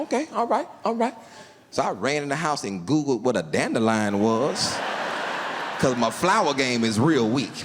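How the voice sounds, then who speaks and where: A man telling a stand-up story on a theater stage, with a voice that sits a little high and swings widely up and down as he acts out each person. The sound is a live recording with a long hall reverb and faint room noise behind him. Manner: animated storytelling with voiced quotes. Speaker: stand-up comedian. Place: large theater stage before a live audience.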